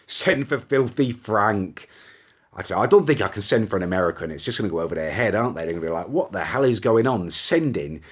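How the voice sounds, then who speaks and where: Animated and brisk, a young man with a fairly low, breathy-edged voice runs a casual live stream, reading out viewer comments and reacting as they scroll up. He's chatty and rambling, with mild swearing, and the audio comes from a phone or webcam.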